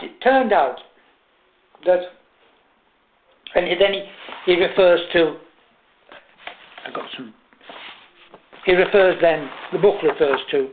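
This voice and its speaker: Brief: older English lecturer, halting, wry; tinny, echoey recording. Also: male voice, on the high side. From England. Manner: hesitant, self-mocking, humorous. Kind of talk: lecture with anecdotes. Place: lecture room. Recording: tinny echoey room recording, faint hiss.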